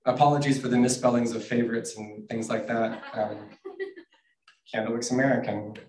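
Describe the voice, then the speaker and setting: A man's voice: medium pitch, steady tone, moderate pace, darkish tone. A man from Canada, an author chatting casually and self-deprecatingly as he reads his picture books aloud at a bookstore event. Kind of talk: casual public book reading. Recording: roomy, distant mic.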